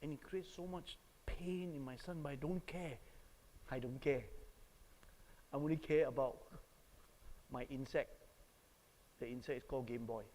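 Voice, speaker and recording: A man's voice: mid-range voice, normal speed, long pauses, darkish tone, big-room sound, low-quality recording. A man with a Singaporean English accent, preaching a sermon and telling stories while asking the audience questions. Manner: storytelling, asks the audience questions.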